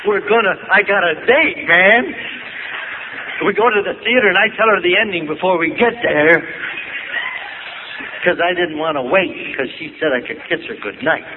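An older man from Ohio telling reflective, wry stories about his youth, with gentle pauses and humor. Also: high voice. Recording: tinny phone-like audio with noise.

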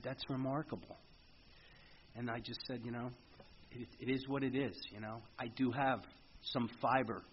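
A middle-aged man speaking earnestly at a recovery meeting, telling his story in a halting way with frequent restarts. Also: medium pitch, slight background noise. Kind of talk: personal recovery testimony. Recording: muffled lo-fi meeting recording with faint ambience.

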